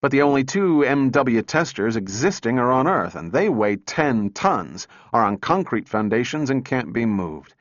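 A man voicing a gruff, sardonic senior male engineer who talks in a brisk, impatient way for an audiobook. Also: mid-range voice, very animated, dry recording, highs cut off, close to an everyday voice. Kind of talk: audiobook character reading.

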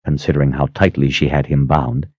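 A man reading a fantasy audiobook aloud in an expressive, dramatic way. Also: rumbling low, a little fast, husky, no room sound. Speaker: audiobook narrator. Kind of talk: scripted fantasy narration. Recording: dry, slightly muffled audio.

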